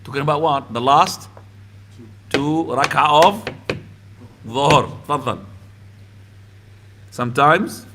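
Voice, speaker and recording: A man's voice: a little high, slow pace, pauses often, sharp tone, slight background noise. A man teaching a small class, patiently explaining and often asking whether the student understands. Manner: patient, asks checking questions. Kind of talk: classroom lesson. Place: mosque classroom.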